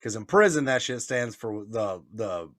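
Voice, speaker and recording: A man's voice: on the low side, expressive, measured pace, fairly bright tone, no room sound. Profane storytelling man, dry sound. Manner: profane, laughing, acts out voices in stories. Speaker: podcast co-host. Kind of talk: casual storytelling chat.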